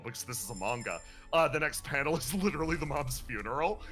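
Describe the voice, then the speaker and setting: Man, streamer, casual story recap, animated, laughs, bright tone. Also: mid-range voice. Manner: animated, laughs and breaks into playful character voices.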